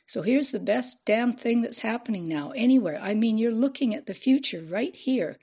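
A woman's voice: on the high side, expressive, moderate pace, a little mellow, slightly rough. Randy, a woman doing a pushy young hustler. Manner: pushy, slangy, salesman-like. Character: brash young male media hustler.

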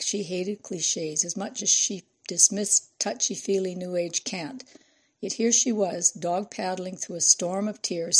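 A woman narrating an audiobook in a measured, expressive reading voice. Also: on the low side, slightly rough.

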